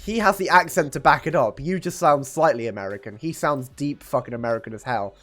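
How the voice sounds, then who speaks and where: A man's voice: fairly high pitch, a little fast, a bit bright. A man hosting a livestream, chatting casually and teasing his guest while reading chat. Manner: playful, teasing, reacts to chat. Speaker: streamer host.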